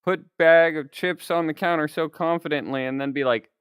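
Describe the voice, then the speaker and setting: A man's voice: a little high, normal speed, fairly bright tone, clear, resonant tone, no echo, clean studio sound, pitched above the performer's own voice, natural voice. A young man voicing a baffled male convenience store clerk, incredulous.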